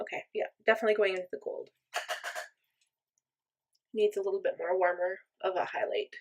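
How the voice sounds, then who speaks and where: A woman's voice: mid-range voice, fairly even intonation, a little fast, pauses often, darkish tone. A woman chatting casually through a makeup tutorial, thinking aloud and joking at her own expense. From mostly German, part Irish and Norwegian descent. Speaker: makeup vlogger.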